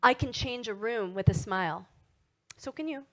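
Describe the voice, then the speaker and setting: Animated woman giving a motivational talk. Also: on the high side, moderate pace. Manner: animated, asks the audience many tag questions. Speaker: wellness speaker.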